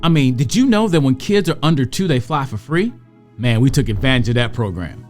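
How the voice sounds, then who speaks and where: A woman giving a motivational talk to parents and educators, conversational, slowing down to draw out key phrases. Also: extremely low pitch, animated, a little mellow, faint music behind.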